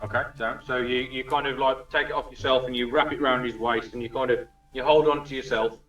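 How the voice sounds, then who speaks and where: A man's voice: medium pitch, steady tone, a little fast, a bit bright, soft background music. A man narrating as dungeon master, chatty and casual, swearing freely. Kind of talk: narrating a tabletop game, casual. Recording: distant roomy lo-fi recording.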